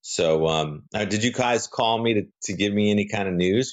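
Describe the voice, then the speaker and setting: Deep-voiced middle-aged man, guest actor in a casual interview, animated and rambling. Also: normal speed. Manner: rambling, self-correcting, animated.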